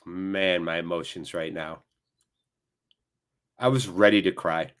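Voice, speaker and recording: A man hosting a live fan watchalong, giving emotional, excitable match commentary. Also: deep voice, very slow, clear, resonant tone. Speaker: fan channel host.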